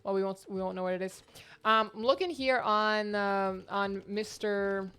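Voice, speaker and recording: A woman hosting her own tournament and casting it live, giving chatty, excitable play-by-play from home. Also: medium pitch, normal speed, smooth. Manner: excitable, chatty, jumps between exclamations. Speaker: tournament host and caster. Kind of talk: live esports play-by-play commentary. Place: home, near the internet modem.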